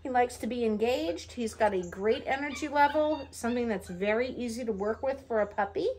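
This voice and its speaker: A woman's voice: on the high side, fairly quick, darkish tone. A woman breeder talking to a puppy in cooing, sing-song baby talk while commenting to the camera. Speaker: dog breeder evaluating a puppy. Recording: noisy background.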